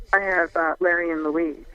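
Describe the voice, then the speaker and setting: A woman's voice: on the low side, steady tone, measured pace, bright, forceful tone. A woman calling in to a radio show, talking hesitantly with many fillers. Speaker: caller. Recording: dull phone line.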